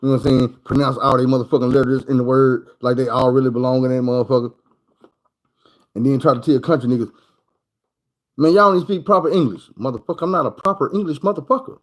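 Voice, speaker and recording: A man's voice: mid-range voice, steady tone, quick pace, rough recording. A man from Arkansas with a Southern accent telling stories in a loose, profane, repetitive way in a casual monologue. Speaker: vlogger.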